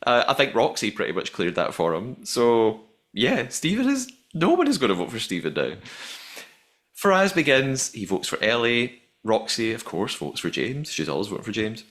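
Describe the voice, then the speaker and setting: Male podcast co-host, mid-pitched and very expressive, chatty recap delivery. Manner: chatty, talks in quick bursts with restarts.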